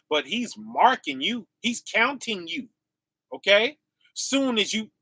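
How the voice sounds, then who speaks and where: High-voiced, bright preacher man, slow talk. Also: dry recording, studio quality. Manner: preachy, animated, calls out to viewers, laughs often. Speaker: preacher and livestream host. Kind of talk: casual livestream sermon.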